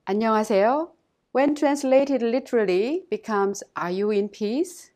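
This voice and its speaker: Careful woman language teacher, fairly high voice. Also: darkish tone. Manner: slow, careful, instructive delivery with repeated model phrases. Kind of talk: scripted lesson narration.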